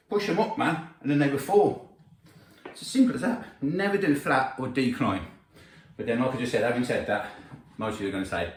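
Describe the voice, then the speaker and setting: A man's voice: mid-range voice, fairly quick, slight background noise. A man giving blunt, opinionated, sweary gym advice in a casual workout vlog. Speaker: gym trainer. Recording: roomy gym, mic at a distance.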